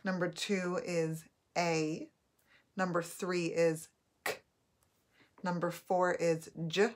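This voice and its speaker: A woman teacher giving a recorded spelling test, dictating words slowly and repeating each one. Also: lowish voice, flat delivery.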